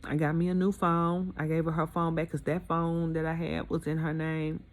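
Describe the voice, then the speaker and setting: A woman's voice: low voice, little pitch movement, normal speed. A woman candidly telling her own divorce story in casual, aggrieved storytelling. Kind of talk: emotional personal storytelling.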